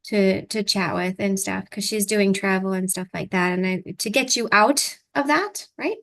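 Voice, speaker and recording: A woman's voice: mid-range voice, normal speed, fairly bright tone. Encouraging woman coach guiding breathing. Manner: encouraging, repeats affirmations with breath cues. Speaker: energy clearing coach. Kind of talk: guided breathing and coaching session.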